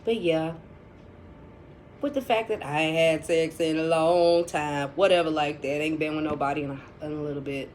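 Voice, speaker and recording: A woman's voice: deep voice, steady tone, moderate pace, darkish tone, slight background noise. Blunt, profane woman telling a story. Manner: blunt, profane and chatty, with dramatic asides. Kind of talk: casual storytime vlog.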